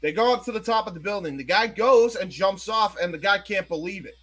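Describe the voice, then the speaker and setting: A man co-hosting a live wrestling watch-along, chatting casually and telling a joke with animated restarts. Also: high-pitched, brisk.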